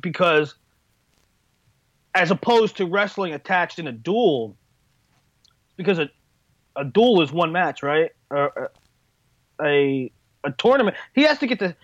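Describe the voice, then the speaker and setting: A man's voice: on the high side, expressive, unhurried, pauses often, no echo. A man co-hosting a casual talk show, with a dry, sarcastic way of talking. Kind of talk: casual chat. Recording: dull, dry lo-fi sound.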